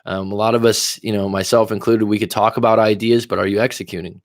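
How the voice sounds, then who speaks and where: A man's voice: fairly low pitch, level tone, fast talker, no echo, clean studio sound. A man, a coach, talking casually and reflectively to viewers on a livestream, wandering into asides as he thinks aloud. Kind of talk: livestream monologue.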